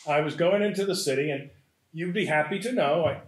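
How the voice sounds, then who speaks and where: A man's voice: fairly high pitch, fairly quick, voice pushed up, natural voice. A man voicing a brash, defiant young male college student while telling a story in an echoey room. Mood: indignant.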